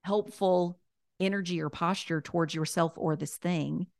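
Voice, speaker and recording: A woman, a guest author, chatting casually and warmly, repeating her key points as she gives encouraging advice. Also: fairly low pitch, steady tone, normal speed, gravelly, no echo, clean studio sound.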